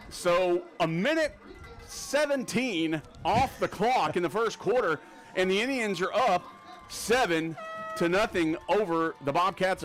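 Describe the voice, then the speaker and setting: A man calling a live high school football game play by play, rapid and excitable on big plays, with a Texan accent. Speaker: play-by-play announcer.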